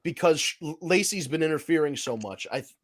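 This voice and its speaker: A man's voice: on the high side, expressive, a little fast. A man hosting a wrestling podcast in casual chat, rambling and swearing as he rants. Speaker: podcast host.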